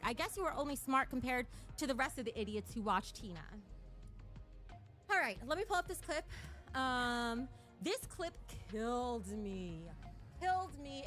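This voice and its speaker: A high-voiced woman streamer whose pitch swoops widely as she rants and mocks. Her tone is bright and sharp, full of profanity and taunts. She sounds slightly out of breath. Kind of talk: casual livestream rant.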